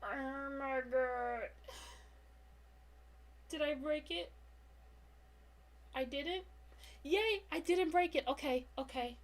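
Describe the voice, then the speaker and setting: A young woman comic artist giving a casual live-stream drawing tutorial, chatty and self-mocking, laughing often and talking to her slow computer. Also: high-pitched.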